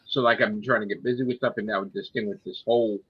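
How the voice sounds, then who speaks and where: A man's voice: lowish voice, steady tone, fast talker, husky, muffled recording. An American man ranting in a casual chat, swearing a lot. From United States.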